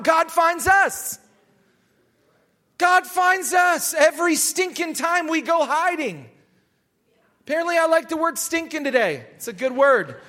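A man preaching a sermon to his church, emphatic, repeating his phrases and sometimes raising his voice to a shout. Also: very high voice.

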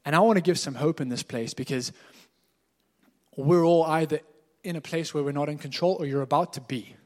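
A man's voice: fairly high pitch, brisk, darkish tone. A man preaching a sermon as a pastor, telling stories in a candid, conversational way. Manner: conversational storytelling, candid and informal. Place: church hall. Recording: echoey hall.

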